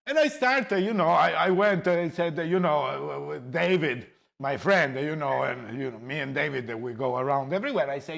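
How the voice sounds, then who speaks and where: Animated Italian man with a high voice. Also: normal speed, vocal fry. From Italy. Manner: animated, laughing, mixes Italian words into broken English. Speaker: cooking show host. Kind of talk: casual cooking chat. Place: home kitchen.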